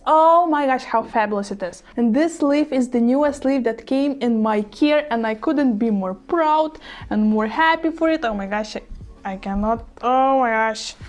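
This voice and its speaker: A woman vlogging casually at home, gushing and giggling as she shows off her plants, speaking English as a second language with small slips. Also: high-pitched. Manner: bubbly and gushing, giggles often, apologetic asides. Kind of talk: casual show-and-tell vlog.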